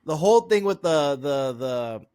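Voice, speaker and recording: A man's voice: a little high, expressive, a little slow, darkish tone, clean tone, no room sound. A man hosting a podcast in casual sports chat, arguing his opinions while searching for the right words. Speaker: podcast host.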